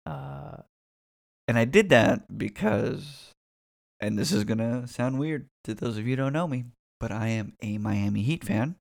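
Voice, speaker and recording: Gravelly, profane young man rambling. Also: mid-range voice, no echo, clean studio sound. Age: 20s. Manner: rambling, profane, restarts often. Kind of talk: casual solo rant.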